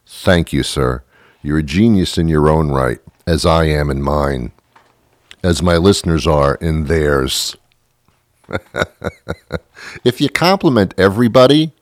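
A deep-voiced male podcast host, rambling through a sarcastic comic rant. His voice swings widely up and down as he riffs. The sound is dry and close, with no room around it. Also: expressive, measured pace, dry recording. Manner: rambling, sarcastic, self-mocking rants. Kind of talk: comedic monologue.

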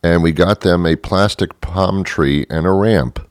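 A man's voice: deep voice, unhurried, no echo, clean studio sound. A middle-aged man hosting a show, telling a rambling comic monologue full of self-deprecating, apologetic asides. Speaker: show host.

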